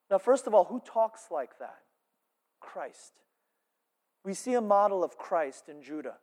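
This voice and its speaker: A male pastor delivering a sermon with a high voice, rising to loud emphasis and dropping into hushed asides. His words echo through a reverberant church hall with a long tail. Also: sing-song, measured pace, long pauses.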